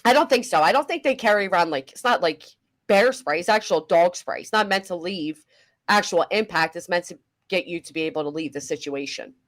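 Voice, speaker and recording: Woman, lowish voice, chatty reaction host, animated, middle-aged. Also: brisk. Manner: chatty, animated, swears casually. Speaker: commentary host. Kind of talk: casual reaction chat.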